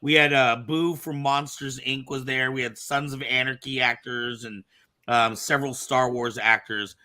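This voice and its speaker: Bright, teasing man hosting a podcast. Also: mid-range voice, fairly even intonation, normal speed. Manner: laughs often, teasing. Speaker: podcast host. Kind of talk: casual chat.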